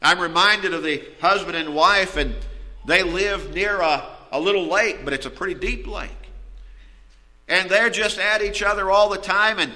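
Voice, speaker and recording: A man preaching a sermon, telling a story and swinging from quiet asides to loud outbursts. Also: high-pitched, normal speed, long reverb tail, rough recording. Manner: storytelling with wide swings in loudness.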